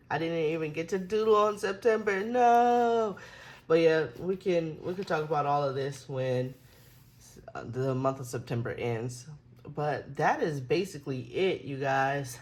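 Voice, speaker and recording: A woman's voice: low voice, darkish tone. A young woman chatting through her planner pages, rambling, laughing often and getting emotional. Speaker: planner vlogger.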